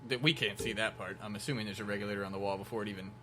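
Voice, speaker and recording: A man's voice: fairly low pitch, fairly even intonation, rapid-fire, pushed and bright. A man hosting a casual podcast, steering the topics along and swearing now and then. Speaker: podcast host. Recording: noisy podcast recording.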